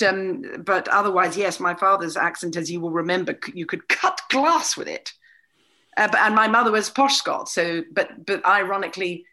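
A woman talking as an interview guest, animated and candid, with a wry, storytelling manner. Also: lowish voice. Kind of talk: casual conversation.

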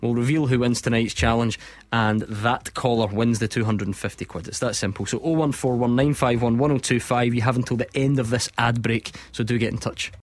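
A man's voice: medium pitch, fairly even intonation, fairly quick, hardly any pauses. A man hosting a sports radio phone-in, chatty and jokey, often breaking into laughter.

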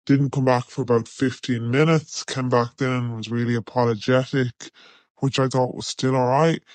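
A man's voice: mid-range voice, steady tone, moderate pace, a little mellow, no echo. Guy in a voice note, plain matter-of-fact telling, slangy, mid voice, dry sound. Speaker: listener sending a voice note. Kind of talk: recorded voice note anecdote.

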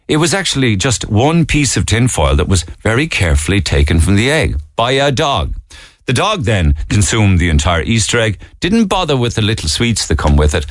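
Lively, wry Cork radio host. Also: male voice, on the low side, normal speed, no room sound, clean studio sound. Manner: wry, chatty, with joking asides. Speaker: radio talk show host. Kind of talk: casual radio chat about news stories. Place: radio studio.

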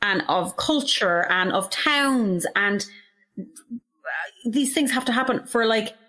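A woman's voice: fairly high pitch, lively intonation, slow, bright, forceful tone. A young woman in casual chat, talking with heated emotion and frequent swearing. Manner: impassioned, emotional, swears freely.

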